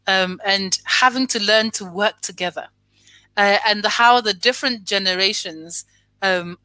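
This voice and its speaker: Woman host, bright tone, dry close mic, thoughtful and hesitant. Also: mid-range voice, dry recording, low-quality recording. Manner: thoughtful, hesitant, many fillers and restarts. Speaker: interviewer. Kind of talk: conversational interview.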